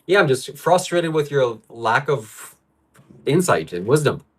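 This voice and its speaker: A man's voice: mid-range voice, sing-song, a little slow, breathy edge. A man hosting a live stream from home, reading out viewer comments and ranting about them in frustration. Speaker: livestream host. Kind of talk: livestream talk.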